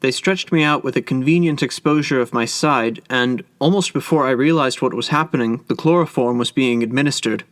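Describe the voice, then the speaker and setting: Measured male audiobook narrator, dry sound. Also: mid-range voice, fairly bright tone, no echo. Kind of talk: scripted narration of a classic story.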